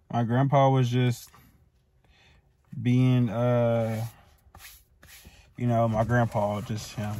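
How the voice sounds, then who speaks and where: A man's voice: medium pitch, a little mellow, no echo. A man in his twenties casually telling a personal story, heated and profane, rambling with many fillers and restarts. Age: 20s. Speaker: storytime vlogger.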